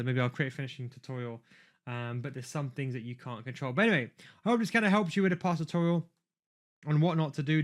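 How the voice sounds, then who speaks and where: A man giving a casual, rambling gameplay tutorial while he plays. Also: mid-range voice. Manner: rambling, chatty, talks while playing. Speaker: video game coach.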